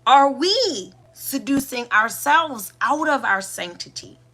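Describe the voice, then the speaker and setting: Bright-voiced woman musing aloud. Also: high-pitched, animated. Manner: asks many rhetorical questions, with pauses and restarts. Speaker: podcast host and doula. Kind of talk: reflective spiritual monologue.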